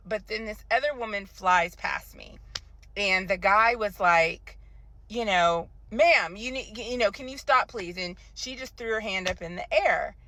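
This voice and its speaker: A woman telling everyday stories in a lively, dramatic way, loudly acting out the people she quotes. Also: mid-range voice. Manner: animated, dramatic retelling with sudden loud quoted lines. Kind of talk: casual storytelling chat.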